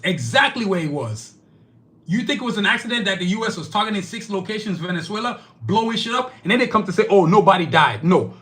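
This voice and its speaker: A man from Nigeria speaks in a high, bright voice that swings widely as he rants. He is indignant and blunt, swearing and hammering rhetorical questions in an unscripted opinion monologue. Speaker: political commentator.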